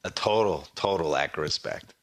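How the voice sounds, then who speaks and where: A man co-hosting a podcast, bantering in a quick, teasing way about football picks. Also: sits low, a bit bright. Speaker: podcast co-host. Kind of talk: casual sports-betting chat.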